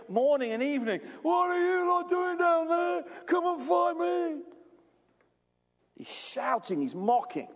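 Man, preacher, sermon, lively swooping delivery, slightly raised pitch, long church reverb. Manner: animated storytelling, asks the congregation questions.

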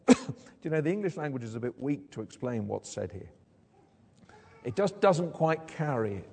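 A man preaching an expository sermon in a church hall, animated and acting out quoted lines with big jumps in pitch. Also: gravelly, husky. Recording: long hall reverb.

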